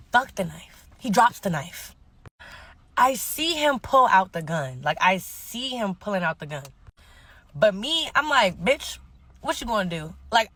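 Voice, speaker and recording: Lively, slangy young woman telling a story. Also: a little high, dry recording. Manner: slangy, profane, laughing often. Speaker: guest telling her story. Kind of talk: animated storytelling.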